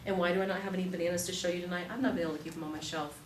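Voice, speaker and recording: A woman in her thirties teaching an evening class, chatty and animated, telling stories with quick laughs. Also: lowish voice. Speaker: class instructor. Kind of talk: live classroom demonstration. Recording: echoey room, distant mic, faint noise.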